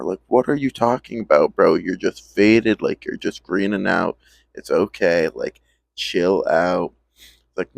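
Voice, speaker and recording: A man's voice: sits low, unhurried, creaky, no room sound. A young man telling a casual story in a slangy, profane, laid-back way, acting out his friends' lines as he goes.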